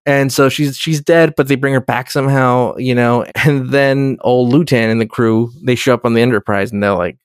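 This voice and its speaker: A man's voice: medium pitch, steady tone, normal speed, hardly any pauses, clear, resonant tone, dry recording, clean studio sound. A man in casual podcast chat, rambling, swearing freely and acting out characters. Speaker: podcast co-host.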